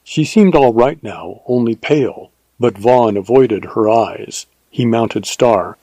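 Male audiobook narrator, measured storyteller, husky tone, dry close studio mic. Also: mid-range voice, mellow, no echo, poor audio. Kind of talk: scripted narration of a western novel.

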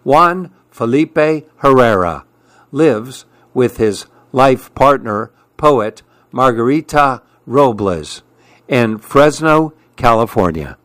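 A man narrates a children's picture book at an unhurried, gentle pace. His voice sits at an ordinary pitch for a man. The recording is close and dry. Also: no echo. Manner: calm and measured. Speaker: storyteller. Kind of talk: children's story read-aloud.

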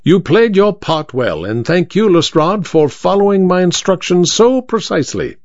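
A man voicing a shrewd Victorian detective who talks in a crisp, bland, self-assured way, in a storybook reading. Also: sits high, animated, normal speed, no room sound, pitched above the performer's own voice. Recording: dry, slightly dull recording.

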